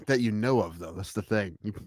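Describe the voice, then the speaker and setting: A man co-hosting a casual comedy podcast, ranting with swearing and restarts, swinging between loud outbursts and mutters. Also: on the low side, brisk, dry recording. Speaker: podcast co-host.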